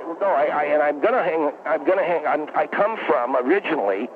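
A man's voice: on the high side, brisk, lightly acted. A man playing a bumbling, flustered male doctor who calls in and stammers through his points. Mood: rambling. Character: bumbling middle-aged male doctor calling in. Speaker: caller. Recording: tinny phone line with faint hiss.

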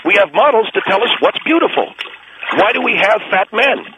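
A man's voice: sits high, animated, fairly quick, pitched above the performer's own voice. A man voicing a smug, brash rich businessman who mocks callers while sitting in a bathtub, on a noisy line. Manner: brash, mocking, dismissive. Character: smug rich male boss bathing in a tub. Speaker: guest on a radio call-in show.

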